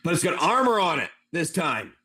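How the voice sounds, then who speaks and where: A man's voice: fairly high pitch, big pitch swings, normal speed, sharp tone. A man running a tabletop game on a live stream, narrating each move play by play. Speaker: game master.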